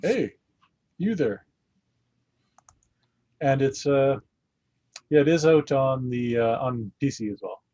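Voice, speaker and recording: A man's voice: medium pitch, unhurried, warm tone, no echo. A man co-hosting a casual gaming podcast, teasing and joking with his partner. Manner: teasing, jokey banter. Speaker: podcast co-host. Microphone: headphones and a studio mic at home. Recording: dull, dry podcast audio.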